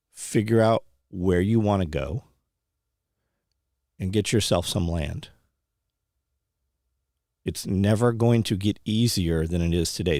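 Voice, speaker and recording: A low, gravelly man's voice, recorded dry and close with no room sound. He talks casually and bluntly, like a homesteading host urging listeners to go buy land. His delivery is plain-spoken and preachy, and he means every word. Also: a little mellow, no room sound. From California, USA. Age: 30s or older. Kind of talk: casual motivational talk.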